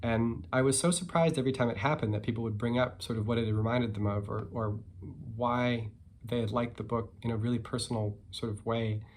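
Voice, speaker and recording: Relaxed musing male author. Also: medium pitch, fairly quick, a little hiss or hum. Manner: relaxed, musing, many fillers and hedges. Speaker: picture book author. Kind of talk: casual talk and read-aloud.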